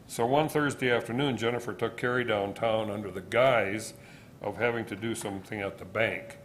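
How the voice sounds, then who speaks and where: A man's voice: lowish voice, slight background noise. A man giving a plain, hesitant presentation at a city council meeting.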